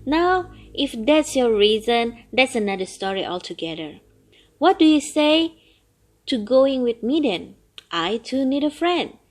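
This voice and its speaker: A sly, boastful old turtle from a storybook, coaxing slowly and laughing loudly in his glee, as a woman reads him. The voice sits a little high and unhurried. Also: very animated, exaggerated voice. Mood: gleeful. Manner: coaxing, then loudly gleeful.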